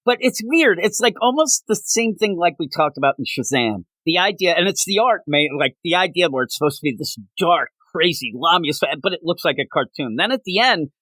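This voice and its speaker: A man co-hosting a casual comic book review, talking in an animated way and slipping into goofy character voices. His voice sits fairly high and jumps lively up and down. The sound is dry and close. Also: no echo. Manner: animated, acts out characters in quick bits, laughs often. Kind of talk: casual podcast chat.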